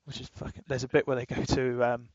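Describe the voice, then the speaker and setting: Casting note: man, podcast co-host, loose swearing chatter, flat tone, dry close sound. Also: medium pitch, fast, no echo, muffled recording. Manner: rambling, swears freely, laughs while retelling. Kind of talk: casual chat.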